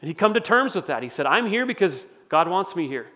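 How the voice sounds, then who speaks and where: Preaching in a bright, pushed, sing-song voice that sits high, a pastor moves briskly through an interactive sermon. He speaks conversationally to the congregation, asking them questions, with a big-room sound around him.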